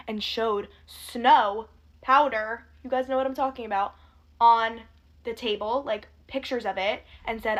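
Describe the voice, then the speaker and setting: Young woman dishing fast sarcastic gossip. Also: fairly high pitch. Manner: fast, sarcastic, swears a lot. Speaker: commentary youtuber. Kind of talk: casual gossip commentary.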